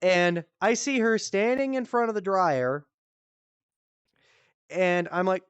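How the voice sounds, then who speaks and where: Smooth-voiced young man telling crude stories. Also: sits high, expressive, slow pace, dry recording, highs cut off. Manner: profane, rambling, laughs at his own stories. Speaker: streamer comedian. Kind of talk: casual comedic storytelling. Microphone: headset.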